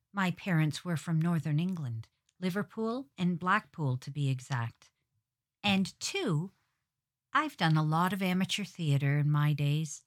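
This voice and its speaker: On her own podcast, a woman with a lowish voice delivers comic anecdotes wryly and from a script, her word-final g's coming out hard. There's no room sound at all, just studio-quality audio.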